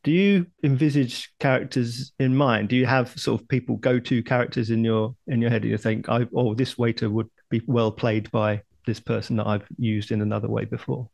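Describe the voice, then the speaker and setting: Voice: mid-range voice, steady tone, a little fast, creaky, few pauses, a little mellow. A podcast host asking a guest about comedy in a casual interview and giving brief replies while the guest talks.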